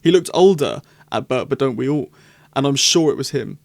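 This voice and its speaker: A young adult man chatting through a casual commentary vlog, excitable and rambling. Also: medium pitch, normal speed, gravelly, no room sound. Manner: excitable, rambling, animated reactions. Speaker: YouTuber.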